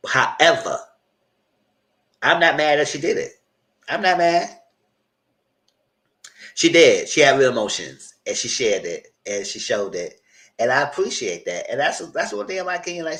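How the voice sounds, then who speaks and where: A man giving casual live commentary on a reality show, animated, repeating himself and cursing freely. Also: medium pitch.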